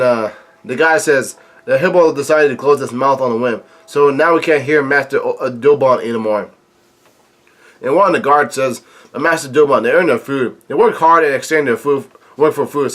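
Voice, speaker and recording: A man's voice: medium pitch, a bit bright. A man hosting a reaction video, reading comic dialogue aloud and commenting, stumbling over words with frequent restarts. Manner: halting, frequent restarts and fillers.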